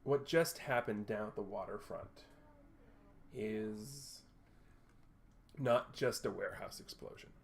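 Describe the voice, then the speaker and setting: A man voicing a self-assured wealthy male tech executive who talks in a polished, measured, slightly condescending way in a tabletop game. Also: lowish voice, vocal fry. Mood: composed.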